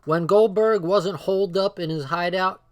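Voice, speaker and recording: A man's voice: high voice, moderate pace. Casual swearing man reading aloud. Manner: loose, swearing, laughing asides. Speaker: book reader and commentator. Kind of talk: casual read-aloud with chat asides.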